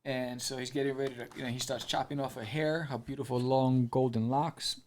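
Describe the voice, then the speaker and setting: A man hosting an indie comics podcast, telling the story in a loose, animated way. He slips into quick character voices and fills pauses with "you know" and "um". His pitch sits in an ordinary middle range. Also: a little hiss or hum. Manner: animated storyteller, acts out character lines, many fillers. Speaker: podcast host reviewing comics. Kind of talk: casual recap and review.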